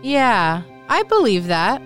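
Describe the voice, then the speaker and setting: A woman's voice: lowish voice, a little slow, fairly bright tone, faint music behind. A woman playing a wary, defiant survivor. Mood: cool, defiant. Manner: cool, pointed questioning. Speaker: narrator and lead of an audio drama. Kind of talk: first-person audio drama narration and acting.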